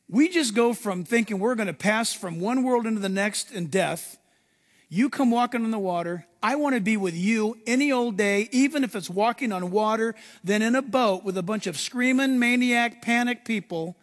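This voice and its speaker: High-voiced animated male pastor preaching. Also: long reverb tail. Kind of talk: sermon.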